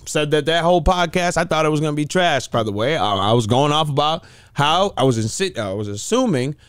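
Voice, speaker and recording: A man's voice: fairly high pitch, dry recording, clean studio sound. A man hosting a reaction video, incredulous and mocking as he comments on a streamer's rant.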